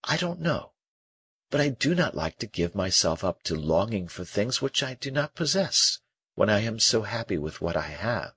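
A man voicing a gentle, melancholy young male prisoner in an audiobook, speaking earnestly and softly with a husky voice. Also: lowish voice, very animated, moderate pace, dry recording, voice pushed up, exaggerated voice. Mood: wistful. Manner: earnest, wistful and soft-spoken. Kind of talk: audiobook character reading.

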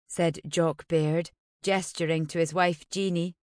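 Woman, audiobook narration, measured, somber, slow, dry close recording. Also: fairly low pitch, fairly even intonation, no echo. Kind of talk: scripted narration.

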